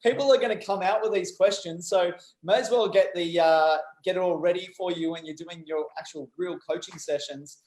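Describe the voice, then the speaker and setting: A man's voice: sits high, fairly quick, few pauses, a little mellow. A man hosting a casual chat, joking and laughing easily. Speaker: host. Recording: echoey room.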